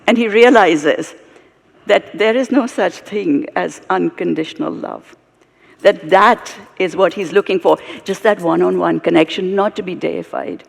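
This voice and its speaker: A British woman storyteller on stage, animated and expressive, her voice carrying some gravelly fry. She is heard through a long hall reverb. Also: on the low side, normal speed. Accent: British English. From Britain, of Indian heritage. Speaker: storyteller and guest speaker. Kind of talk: live onstage storytelling conversation.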